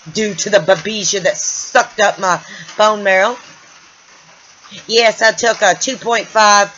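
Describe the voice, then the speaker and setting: A woman's voice: medium pitch, pushed and bright, lo-fi sound, slight background noise. A woman from the United States venting angrily in a personal vlog, stumbling and repeating herself and sounding a little loopy. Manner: angry, venting, stumbling over words. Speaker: vlogger. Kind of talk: emotional personal vlog rant. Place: home room.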